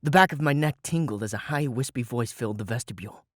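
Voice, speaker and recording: A man's voice: mid-range voice, fast talker, no room sound, clean studio sound. Dramatic young male audiobook narrator. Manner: lively, dramatic storytelling with shouted spells. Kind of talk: scripted first-person narration.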